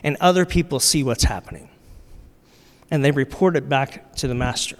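A man preaching a sermon in a relaxed, conversational way, using slang and repeating his key lines for emphasis. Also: mid-range voice, normal speed. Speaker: pastor. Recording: long reverb of a large hall.

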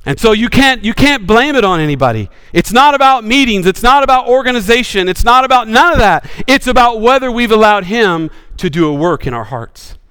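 A male pastor preaching with passion, swinging from bold rises to sudden hushed drops. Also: high-pitched, sing-song, brisk, few pauses, smooth, long reverb tail. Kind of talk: sermon.

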